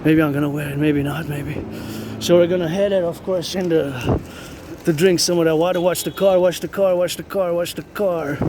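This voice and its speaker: A man rambles as he walks, circling back over the same phrases while he thinks aloud. His voice sits a little high for a man. Loud city street noise and passing traffic surround his phone mic. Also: steady tone, normal speed. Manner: rambling, repetitive, thinks aloud, chants cadences. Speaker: vlogger. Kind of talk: rambling walking vlog.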